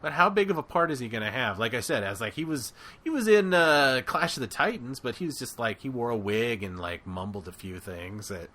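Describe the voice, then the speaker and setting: A man's voice: mid-range voice, fairly quick. A man co-hosting a podcast in casual chat, rambling with many fillers. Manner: rambling, filler-heavy, animated. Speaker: podcast co-host.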